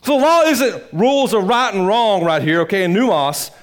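A male pastor preaching a sermon in church, swinging between loud emphatic peaks and low quiet asides, with a rambling, folksy delivery. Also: animated, moderate pace. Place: church sanctuary.

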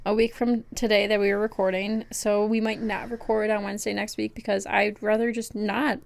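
A woman's voice: medium pitch, little pitch movement, brisk, gravelly. A young adult woman co-hosting a podcast, telling rambling, self-deprecating stories in casual chat. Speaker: podcast co-host.

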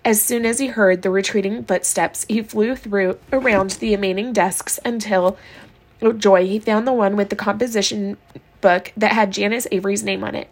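A woman reading a novel aloud in a steady, unhurried narration. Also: medium pitch. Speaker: audiobook reader.

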